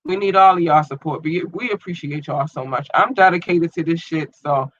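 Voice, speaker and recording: The solo podcast host keeps his chat casual and rambling, full of slang and ums, while dealing with a watering, irritated eye. His fairly high voice moves briskly, and the lo-fi recording has background noise.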